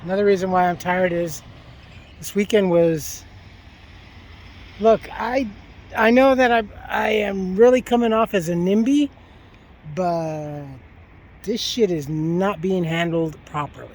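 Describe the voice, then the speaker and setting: A man with a high voice, vlogging outdoors and speaking into a handheld phone. He tells his story in a profane, animated rant, with faint outdoor ambience behind him. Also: a little slow, long pauses, slight background noise. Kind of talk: casual walking vlog, ranting. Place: outdoors at a park.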